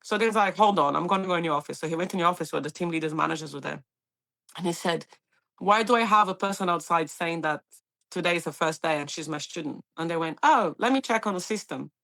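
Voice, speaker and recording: A woman's voice: on the low side, fast, creaky. A woman in her thirties from Brazil, speaking English with a Brazilian accent, chatting as a paramedic guest and acting out the people in her stories. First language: Portuguese. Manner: animated storyteller, acts out quoted voices, laughs often. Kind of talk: casual interview chat.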